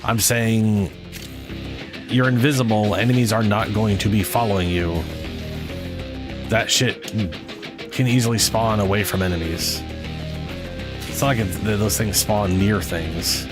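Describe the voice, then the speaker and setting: A man's voice: on the low side, steady tone, unhurried, pauses often. Casual, rambling male streamer, short on sleep, faint music underneath. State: sleep-deprived, yawning. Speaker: game streamer. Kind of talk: casual gaming chat.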